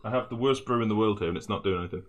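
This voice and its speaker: A man with a fairly low voice races through live gameplay commentary while streaming a game. He rambles and swears as he builds, frequently humming and mumbling to himself.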